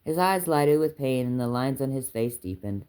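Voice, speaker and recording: A woman with a Southern accent reading a book aloud, unhurried, lifting her voice for the characters' lines. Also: very deep voice, animated, dark tone, clear, resonant tone. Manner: unhurried storytelling, lifts her voice for dialogue. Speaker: audiobook reader.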